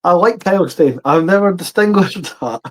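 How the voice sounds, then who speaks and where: A man's voice: sits high, animated, normal speed, low-quality recording. A man, co-hosting a casual podcast with jokey, chatty banter. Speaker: podcast co-host. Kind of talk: casual sports chat.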